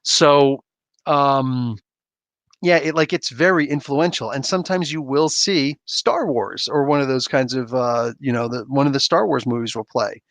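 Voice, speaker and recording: Here a comic book podcast host, a man, fields viewer questions in a relaxed, lively chat full of tangents and laughs. He speaks at a normal speed with medium pitch and a fairly bright tone, recorded with no room sound.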